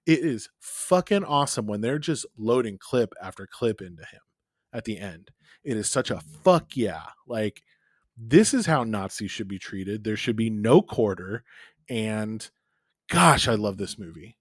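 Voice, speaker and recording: A man's voice: lowish voice, lively intonation, a little slow, no echo, studio quality. A man co-hosting a podcast, chatting enthusiastically about movies, swearing and gushing. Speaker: podcast co-host. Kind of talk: casual chat.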